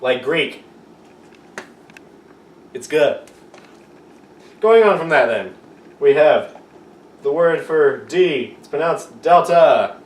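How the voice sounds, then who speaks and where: A man's voice: fairly high pitch, expressive, takes it slowly, pauses often. A man giving a casual, joking lesson on a made-up alphabet, rambling and poking fun at himself. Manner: rambling, self-mocking, playful. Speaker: amateur video teacher. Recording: roomy echo, far from the mic, faint room noise.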